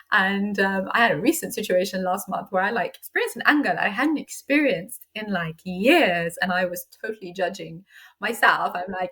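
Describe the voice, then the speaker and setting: A woman's voice: on the low side, moderate pace, pushed and bright, slightly rough. A woman who works as a medical doctor and life coach, speaking as a guest in a casual podcast conversation and acting out her own inner voice.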